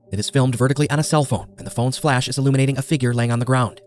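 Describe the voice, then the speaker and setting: A man narrates true crime for a podcast in a grave, measured tone. His delivery moves quickly at a middle pitch. Each detail is laid out steadily, as a scripted reading.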